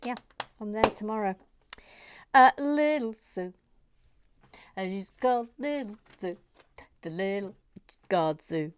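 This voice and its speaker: Slow, giggly woman. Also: medium pitch, clear, resonant tone. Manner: giggly, playful and meandering. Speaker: host. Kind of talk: casual livestream chat reading viewer comments.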